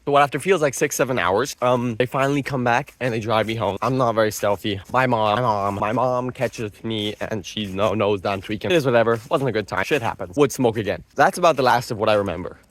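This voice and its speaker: A man's voice: medium pitch, quick pace, few pauses. Slangy young man telling a wild story. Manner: slangy, rambling, excitable. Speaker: vlogger. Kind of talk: casual storytelling.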